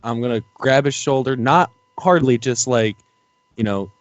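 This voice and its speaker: A man's voice: medium pitch, measured pace, no echo, muffled recording. A man playing a recruit in a tabletop role-play session, casual, playful and eager. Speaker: player.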